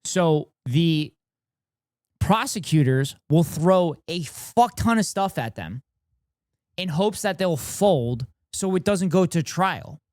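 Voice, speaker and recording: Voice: medium pitch, expressive, slow, darkish tone, no room sound, clean studio sound. A streamer reacting to a debate video with exasperated, profane, incredulous commentary.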